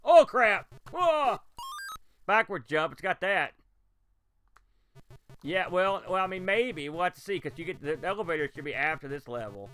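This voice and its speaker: Lively man streaming retro games. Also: fairly high pitch, moderate pace. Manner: excitable, reacts loudly to gameplay and talks to chat. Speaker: game streamer. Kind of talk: live game-stream commentary.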